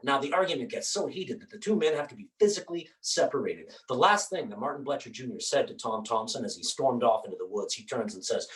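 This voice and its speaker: A man performing a one-man theatre show. He tells the story in an animated way with dramatic asides, and paints on stage while he talks. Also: medium pitch, fast, few pauses. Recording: roomy stage sound from a distance.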